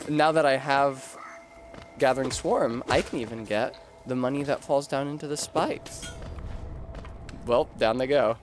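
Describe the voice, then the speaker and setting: Guy streaming a game, rambly and self-deprecating, talking to chat, mid-pitch voice. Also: measured pace, a little hiss or hum. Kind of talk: casual gameplay chat.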